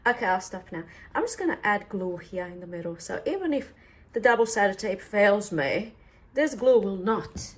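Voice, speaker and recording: A woman's voice: mid-range voice, animated, moderate pace. A woman chatting casually through a craft tutorial, talkative and playfully sarcastic.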